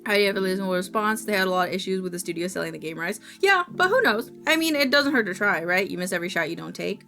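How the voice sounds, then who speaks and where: A woman's voice: medium pitch, expressive, rapid-fire, bright, forceful tone. A woman streaming live, chatting casually and rambling while reading on-screen text aloud. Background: music playing.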